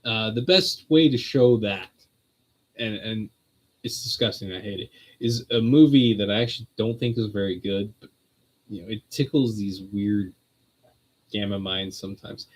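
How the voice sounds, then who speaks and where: This streamed religious talk comes from a man with a lowish voice at a moderate pace, and the audio quality is poor. He wanders through his points conversationally, laughing a lot as he goes.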